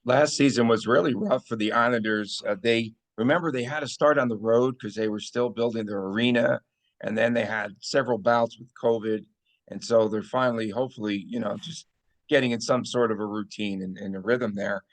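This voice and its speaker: A man's voice: mid-range voice, fairly quick. A man hosting a sports podcast in a playful, teasing way, often mock-outraged. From Las Vegas. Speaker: podcast host. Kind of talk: casual sports podcast chat.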